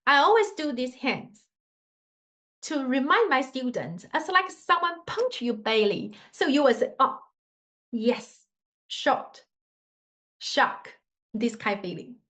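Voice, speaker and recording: A woman's voice: sits high, big pitch swings, normal speed, fairly bright tone. A woman teaching a Mandarin lesson in simple non-native English, patiently demonstrating tones with sung scales. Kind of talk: online language lesson.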